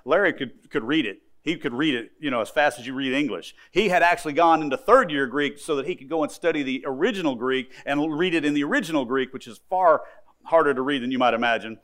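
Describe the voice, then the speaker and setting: A middle-aged male pastor delivering a sermon, with a voice pitched somewhat high for a man. He tells stories, repeats key phrases and talks straight to the people in front of him. He builds his points to strong, emphatic peaks. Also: fast talker, fairly bright tone. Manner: addresses the congregation directly.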